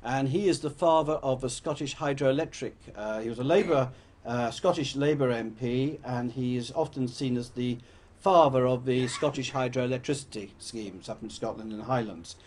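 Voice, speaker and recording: An older public speaker from England addresses an audience in a mid-range, slightly mellow voice at a normal speed. He rambles through anecdotes and often goes back to correct himself.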